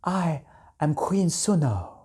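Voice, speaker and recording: A woman voicing a graceful, gentle dragon queen who speaks softly in a storybook reading. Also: low-pitched, sing-song, takes it slowly, slightly rough, voice pushed up, heavily acted. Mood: gracious.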